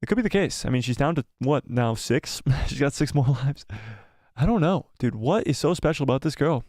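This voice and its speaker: A man hosting a live watch party stream, talking excitedly and breathlessly, swearing and repeating himself while reading viewer comments. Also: medium pitch, fairly quick, no room sound, studio quality.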